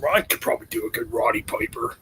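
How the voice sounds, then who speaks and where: A man's voice: fast talker, bright, forceful tone, a little hiss or hum. A man hosting a casual livestream hangout in a laid-back way, enthusing about bands. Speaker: host. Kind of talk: casual chat.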